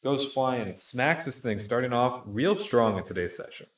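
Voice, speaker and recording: A man running a tabletop game as game master, narrating the action and explaining the rules in a methodical way. He often pauses on fillers. The room around his voice sounds echoey. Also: medium pitch, lively intonation. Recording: roomy echo.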